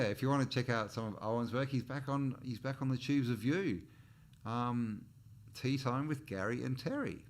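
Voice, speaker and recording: An Australian man hosts his channel's casual livestream chat in a mid-range voice, with a little hiss or hum in the background. He rambles from topic to topic, greets viewers in the chat, and keeps restarting sentences with chuckles.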